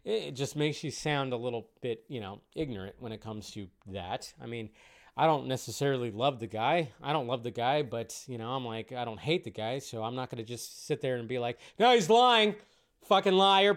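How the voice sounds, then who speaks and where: A man's voice: mid-range voice, fairly quick. A man hosting a casual live stream about film news, chatty and rambling, cursing now and then.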